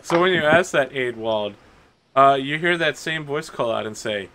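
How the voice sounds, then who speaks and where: Gravelly, bright-voiced man as game master. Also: medium pitch, lively intonation, normal speed. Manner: casual narration with many "like" fillers. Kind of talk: narrating a tabletop game.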